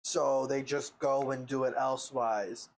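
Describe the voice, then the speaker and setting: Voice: mid-range voice, fairly even intonation, unhurried, darkish tone, low-quality recording. A podcast co-host in casual chat, frank and opinionated, swearing freely.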